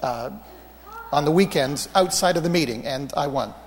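A man preaching a sermon, telling healing stories in an animated, anecdotal way with self-mocking humor. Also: on the high side, moderate pace, big-room sound, slight background noise. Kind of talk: storytelling sermon.

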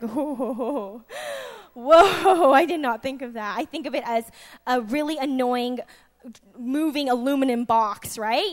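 A woman in her twenties preaching a sermon, chatty and lively, moving from soft asides to loud, laughing bursts. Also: high voice. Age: 20s. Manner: chatty, with many restarts and fillers.

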